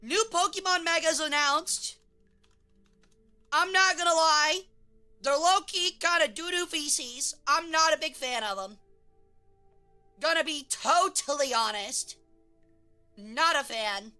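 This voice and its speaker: High bright young woman streamer, animated and crude, faint music under her. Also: takes it slowly, long pauses. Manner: animated, swearing, laughing, breaking into silly shouted voices. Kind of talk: casual chat stream.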